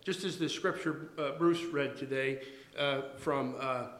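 A man preaching a sermon to his church, halting and restarting his words, then pressing his points with emphasis. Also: mid-range voice, fairly even intonation, a bit bright, echoey room, poor audio. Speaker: pastor.

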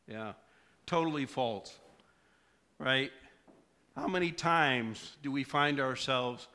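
A middle-aged man preaches a sermon at a slow, deliberate pace. His voice sits a little high and sounds bright. He tells his story as he goes and keeps turning to the congregation with questions. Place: church.

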